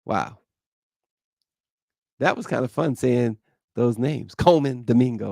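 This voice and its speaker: A man with a gravelly, creaky voice hosts a live morning show, recorded close and dry. He rambles loosely and jokes as he reads out viewer comments, laughing often. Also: medium pitch, lively intonation, takes it slowly, long pauses, a little mellow, no echo.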